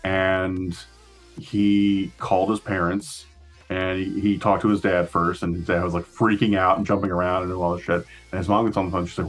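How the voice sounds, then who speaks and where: Casual podcast co-host: low-pitched man with a husky tone, loose rambling delivery. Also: level tone, normal speed, soft background music. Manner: rambling storyteller, swears, laughs often. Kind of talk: casual chat.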